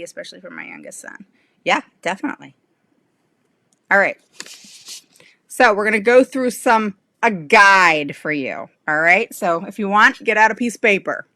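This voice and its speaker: A woman's voice: mid-range voice, pushed and bright, no echo. A middle-aged woman teaching parents in a live-stream lesson, emphatic and direct, checking in with frequent "okay?" and speaking frankly. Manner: frank and blunt. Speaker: special education advocate host.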